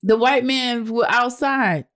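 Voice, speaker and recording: A woman co-hosting a podcast in casual chat, telling stories with animated, profane jumps in pitch. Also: takes it slowly. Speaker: podcast co-host.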